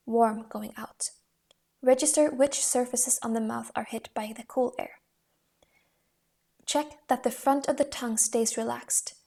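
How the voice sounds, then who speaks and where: Woman calmly reading voice exercises. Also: a little high. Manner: calm and measured, with occasional restarts. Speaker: narrator reading a voice-training book. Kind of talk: instructional reading aloud.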